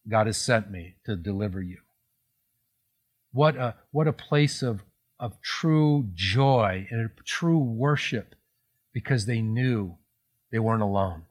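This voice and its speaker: A man preaching a sermon in a conversational tone, explaining scripture with frequent restarts and self-corrections. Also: medium pitch. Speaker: pastor.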